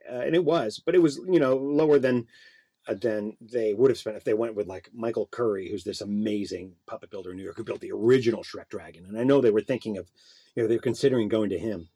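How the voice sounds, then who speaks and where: A man's voice: on the low side, quick pace, mellow, husky. A man chatting casually about his work as a puppeteer, telling stories with lots of fillers. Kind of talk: casual conversation.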